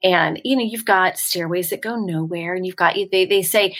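A woman's voice: lowish voice, moderate pace. A woman from the San Francisco Bay Area, a ghost tour guide, telling stories in a casual podcast chat and acting out the voices she quotes. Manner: animated storyteller, acts out quoted voices.

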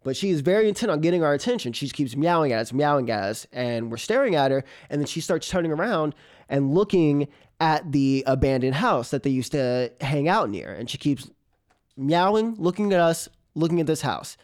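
A man, a comedian, telling a personal story on stage in an animated way, often laughing and imitating a cat's meows. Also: on the high side, a little fast. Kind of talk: live storytelling.

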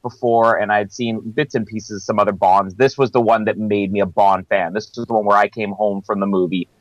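A man's voice: fairly low pitch, steady tone, a little fast, no room sound, lo-fi sound. A man co-hosting a film review podcast in a casual chat, laughing between phrases and using lots of fillers. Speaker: podcast co-host.

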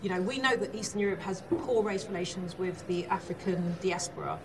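A woman of Jamaican background speaking up from the audience, making a measured, articulate argument. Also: on the low side, distant mic, very noisy. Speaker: audience member. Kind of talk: audience comment in debate.

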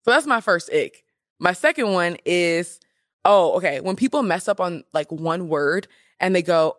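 A young woman hosting a podcast in casual chat, animated and emphatic with sassy asides. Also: fairly low pitch, normal speed, no room sound, clean studio sound. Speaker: podcast host.

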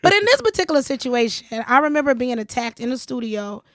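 A high-voiced woman hosting a casual podcast chat. She tells a personal story in a lively way and acts out the lines of others. The sound is dry and close. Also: quick pace, dry recording. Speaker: podcast host.

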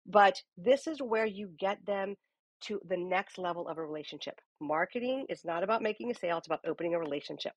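Energetic woman coach leading a live audio room, dry close-mic voice. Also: fairly low pitch, quick pace, dry recording. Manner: lively, uses many rhetorical "okay?" check-ins.

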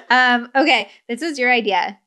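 A woman's voice: fairly high pitch, bright, forceful tone. A woman hosting a podcast, chatting casually and enthusiastically about gift ideas, often laughing. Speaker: podcast host.

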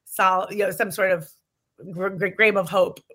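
Bright, animated woman telling stories. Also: mid-range voice, moderate pace. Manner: animated storyteller, acts out her own thoughts. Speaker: TV production professional, guest. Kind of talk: casual interview chat.

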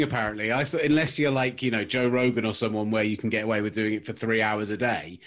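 A man's voice: lowish voice, steady tone, fast, few pauses, fairly bright tone. A man hosting a casual sports podcast, breezy and teasing his co-hosts. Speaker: podcast host.

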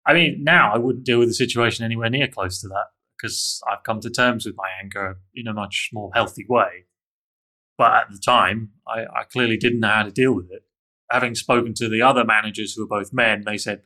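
A man's voice: lowish voice, brisk, sharp tone. A man telling a candid, self-critical personal story in an interview, with frequent restarts.

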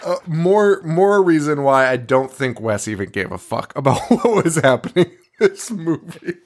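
Male podcast co-host, lively swooping delivery, frequent laughter, profane casual chat. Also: fairly high pitch, moderate pace.

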